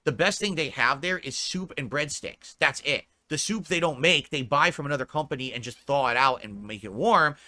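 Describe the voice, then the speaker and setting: A man's voice: mid-range voice, moderate pace, hardly any pauses, pushed and bright. A man ranting on a live stream, reading chat comments aloud and answering them in a profane, exasperated way. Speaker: livestreamer.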